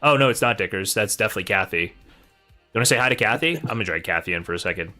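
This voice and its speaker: A man streaming in casual chat, playful and animated. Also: on the low side, racing, over loud music.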